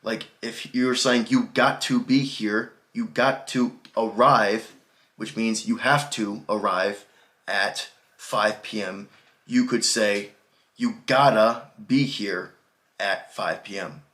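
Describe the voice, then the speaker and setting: An American man giving a casual English lesson, explaining everyday spoken contractions in a relaxed, conversational way. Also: on the low side, slow pace. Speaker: English teacher.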